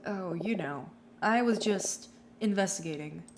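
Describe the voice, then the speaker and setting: Woman doing a lowered male cop voice, hesitant, brushing people off, stuffy from a cold. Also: a little slow, a little hiss or hum. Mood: evasive. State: has a cold. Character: male police detective, evasive and in a hurry.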